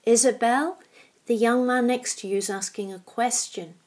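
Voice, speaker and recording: A woman voicing a patient elderly husband in a storybook reading, measured and gentle. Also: on the high side, steady tone, natural voice.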